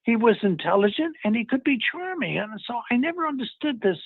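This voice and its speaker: An older man, an actor being interviewed, telling anecdotes in an animated way and acting out the lines of people he quotes, with a husky, gravelly voice. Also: very high voice, fairly quick, no echo. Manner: animated, acts out quotes in retelling. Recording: dry, tinny phone-like sound.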